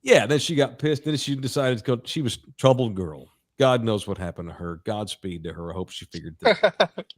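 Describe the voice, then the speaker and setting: A man's voice: mid-range voice, sing-song, fairly quick. A middle-aged man, a podcast co-host, telling a raunchy story in casual chat with lots of laughs.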